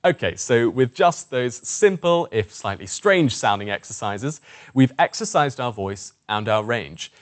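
A man coaching a voice warm-up lesson, encouraging and demonstrative as he guides participants through exercises. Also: mid-range voice, expressive, a little slow. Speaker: presentation skills coach.

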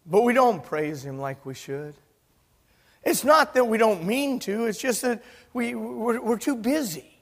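A pastor preaching a sermon, an animated storyteller who acts out the dialogue of his story. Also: extremely high pitch, a little slow, vocal fry. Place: church sanctuary. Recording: church hall reverb.

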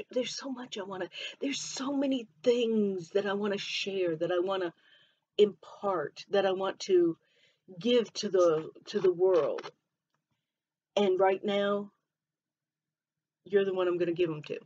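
A woman's voice: medium pitch, takes it slowly, long pauses, a little mellow, muffled recording. A woman from Michigan with a mixed Southern and Midwestern accent, hosting a casual solo podcast and chatting freely, often drifting onto tangents. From Michigan, USA. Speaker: podcast host.

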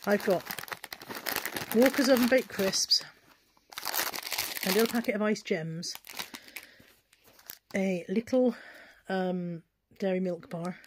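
A woman's voice: mid-range voice, slight background noise. Chatty British woman vlogging at home. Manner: chatty, frank, self-deprecating. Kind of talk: casual chat to camera. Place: at home, kitchen and bedroom.

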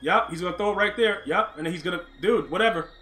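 Excitable high-voiced man streaming a game. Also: fast talker, soft background music. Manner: excitable, talks to chat, repeats himself. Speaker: gaming streamer. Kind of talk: live-stream game commentary.

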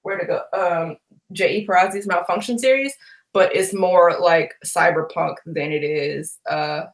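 A woman's voice: fairly low pitch, a little slow, low-quality recording. A woman hosting a book club chat, ranting loosely and swearing often. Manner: ranting, profane, animated storytelling. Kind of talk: casual chat.

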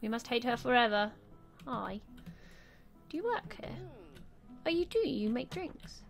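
A woman's voice: fairly high pitch, very animated, a little slow, gravelly, faint music behind. A young woman giving casual gameplay commentary, chatty and swearing freely as she talks back at the game's characters. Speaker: gameplay video host.

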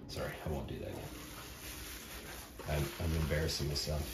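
A man's voice: extremely low pitch, expressive, moderate pace, reverberant, slight background noise. A man chatting through an unboxing, often dropping into awed whispers. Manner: slips into hushed whispers of awe. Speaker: vlogger unboxing a gift. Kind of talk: excited unboxing chat.

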